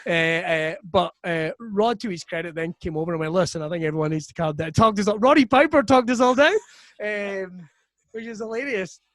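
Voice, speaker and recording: A Scottish man, a comedian guest, telling stories in a profane, animated way on a podcast. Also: high-pitched, fairly quick, no room sound. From Scotland. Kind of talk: casual storytelling chat.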